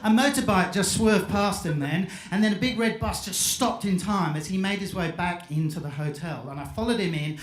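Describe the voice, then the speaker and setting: A man giving a playful storytelling talk on stage at a live event, acting out the quotes. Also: high-pitched. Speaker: event speaker. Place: live event hall with audience. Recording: echoey live hall recording.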